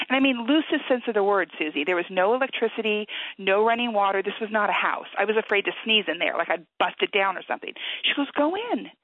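A woman guest on a call-in radio show, telling a story with animated energy and acting out the people in it. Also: medium pitch, no room sound. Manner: lively, animated storyteller who acts out the voices; quiet, earnest prayer. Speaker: guest author. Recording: tinny phone-line sound.

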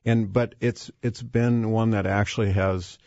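A man's voice: lowish voice, steady tone, measured pace, gravelly, a little mellow, no room sound. A man guest talking about faith in a hesitant way, with many fillers and restarts. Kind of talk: faith-based conversation. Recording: dull, dry lo-fi sound.

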